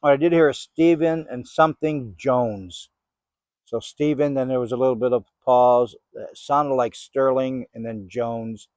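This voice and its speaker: Out in a rainy cemetery, an older man investigating the paranormal calls out slow, patient questions to spirits. His voice is medium-pitched with a darkish tone.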